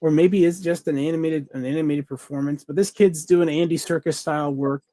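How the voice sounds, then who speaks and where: A man's voice: on the high side, fairly even intonation, a little fast, warm tone, no room sound. A man co-hosting a podcast, chatting casually and enthusiastically in a rambling way, full of fillers and restarts. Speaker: podcast co-host. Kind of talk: casual review chat.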